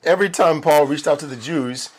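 A man's voice: fairly high pitch, fairly quick, slightly rough. Earnest man preaching a Bible study. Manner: earnest, emphatic, repeats key phrases for stress. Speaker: pastor teaching Bible study. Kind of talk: Bible study sermon recorded for video.

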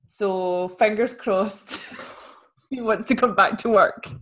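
A woman's voice: mid-range voice, takes it slowly. Playful young woman podcast co-host. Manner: animated, playful, laughs while talking. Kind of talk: casual chat. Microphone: video call.

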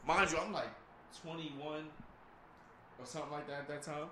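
A young man in his twenties telling a crude story in casual chat, deadpan and slangy. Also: on the high side, normal speed, a little hiss or hum.

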